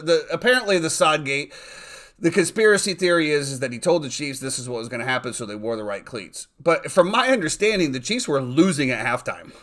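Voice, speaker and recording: Rambling, excitable male podcast host. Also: medium pitch. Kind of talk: casual sports chat.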